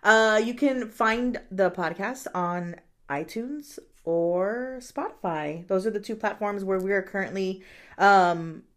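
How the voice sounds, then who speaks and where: A woman's voice: mid-range voice, slow. A woman hosting a casual podcast, talking in a friendly, agreeable way with frequent "um"s. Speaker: podcast host.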